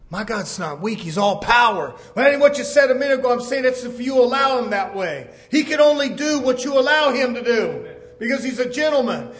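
High-voiced fervent male preacher. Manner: fervent, swinging from hushed to shouted. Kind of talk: sermon.

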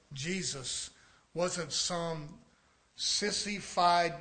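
A man preaching a sermon, swinging from quiet low passages to shouted exhortation and repeatedly addressing his brothers and sisters.

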